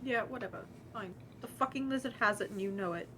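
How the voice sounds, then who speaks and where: A woman's voice: medium pitch, quick pace, a bit bright, a little hiss or hum. A woman playing her character in a tabletop game, brash, profane and insistent. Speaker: player.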